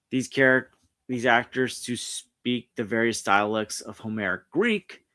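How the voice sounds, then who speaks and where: Streamer host, New man, mid-pitched, chatty and rambling, restarts often. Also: a bit bright. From New York. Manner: rambling, frequent restarts and self-corrections. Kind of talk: casual pop culture commentary, reading articles aloud. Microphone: streaming setup mic.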